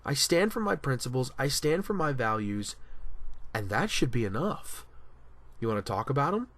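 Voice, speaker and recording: A man talking through a casual opinion commentary, animated and emphatic, often restarting his sentences. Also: mid-range voice, moderate pace. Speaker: commentary vlogger.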